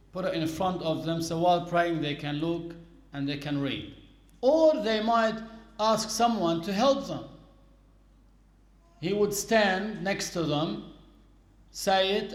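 A man teaches a religious lesson with a patient, explanatory manner, going back over key points. His voice sits high and his pace is unhurried. The sound rings in an echoey room. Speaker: Islamic teacher.

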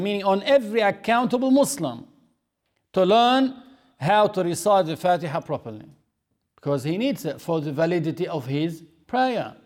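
A man teaching a religious lesson, speaking deliberately and repeating key phrases for emphasis. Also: high voice, animated. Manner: demonstrates pronunciation of recited phrases.

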